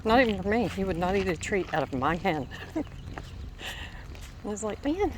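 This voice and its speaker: A woman's voice: mid-range voice, animated, normal speed. A middle-aged woman chatting casually on a rural walk, rambling between thoughts and stopping to talk to her dog. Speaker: vlogger. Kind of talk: casual walking vlog. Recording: clear outdoor background noise.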